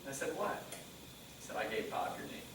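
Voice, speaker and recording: A man giving a motivational talk on stage, telling stories and acting out conversations in a lively way. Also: mid-range voice, fairly quick, noisy background. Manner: animated storyteller quoting dialogue. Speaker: motivational speaker. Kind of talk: live presentation storytelling. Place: conference room. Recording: echoey hall mic from a distance.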